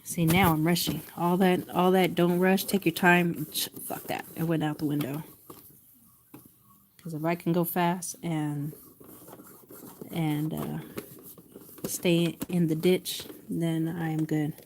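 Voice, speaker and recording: Woman, relaxed unhurried self-talk, lowish voice, sewing machine whirring behind. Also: slight background noise. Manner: chatty, muttering to herself, laughs a lot. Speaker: quilting vlogger. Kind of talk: casual talk to herself while sewing.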